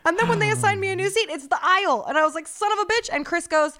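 A young woman telling a story in casual podcast chat, animated and profane, acting out what other people said. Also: very high-pitched, rapid-fire. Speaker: podcast co-host.

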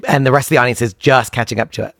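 A male comedian guest talks rapidly in a casual chat, animated and joking as he explains his stage work. His voice sits in a middle range, recorded dry and close. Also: medium pitch, no echo. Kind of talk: casual conversation.

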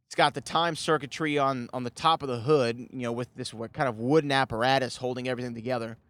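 A man's voice: medium pitch, fairly even intonation, fast talker, a bit bright, dry recording. A man hosting a podcast, casually recapping a movie in a rambling way, full of "you know" fillers and the odd chuckle. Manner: chuckles at his own remarks. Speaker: podcast host.

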